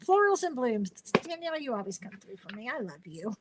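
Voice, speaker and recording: A tired woman chatting through a craft live stream, slightly high-voiced and rambling, full of fillers and restarts. Her voice comes through a webcam mic with faint background noise. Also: big pitch swings, brisk. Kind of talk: casual live-stream chat.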